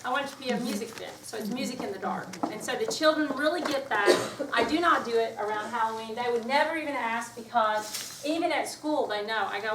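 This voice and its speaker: A woman's voice: fairly high pitch, brisk, hardly any pauses, background noise. A woman music teacher leading a hands-on workshop, calling out rhythm commands and explaining to the group in a chatty way. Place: workshop room with an audience. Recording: echoey room, voice from far off.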